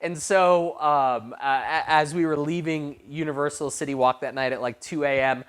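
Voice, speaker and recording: A man preaching to a youth group, telling a story in an animated way with frequent restarts. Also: on the high side, moderate pace, clear, resonant tone. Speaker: youth pastor.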